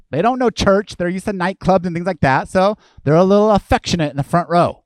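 A male pastor delivering a lively, conversational sermon, acting out the voices of people he quotes. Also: high-pitched, brisk, no echo.

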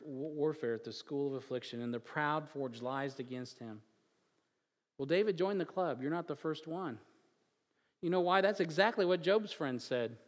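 A man preaching a sermon, moving from quiet joking asides with chuckles to loud, emphatic build-ups. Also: on the high side, long reverb tail. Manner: chuckles and jokes between scripture readings. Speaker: pastor.

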